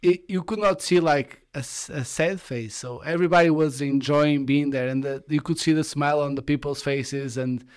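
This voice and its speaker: A man's voice: fairly high pitch, fairly even intonation, moderate pace, few pauses, clean tone. A young man chatting easily on a livestream, often repeating words as he searches for them. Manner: easygoing, repeats himself while searching for words. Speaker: graphic designer and videographer. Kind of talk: casual livestream chat.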